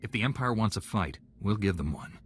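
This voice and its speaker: An actor playing a brash, defiant young Jedi knight in a video game. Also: male voice, on the low side, expressive, a little fast, a little hiss or hum, lightly acted. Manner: defiant and bold.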